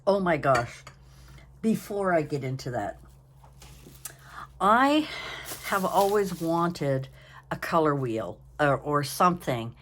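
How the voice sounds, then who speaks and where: A woman's voice: low-pitched, lively intonation, a little slow, a bit bright, slight background noise. An older woman hosting a casual crafting vlog from home, tired and yawning, chatting in a rambling, apologetic way. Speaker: craft channel host.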